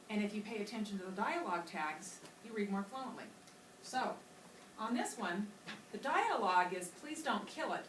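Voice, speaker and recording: A woman teacher giving a reading lesson to children, explaining patiently and modeling how dialogue should sound. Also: medium pitch. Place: classroom. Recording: echoey classroom from far off with loud noise.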